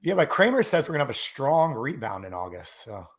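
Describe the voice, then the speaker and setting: A man's voice: medium pitch, very animated, brisk. A man co-hosting a live-stream market show, teasing his partner and laughing often. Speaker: co-host.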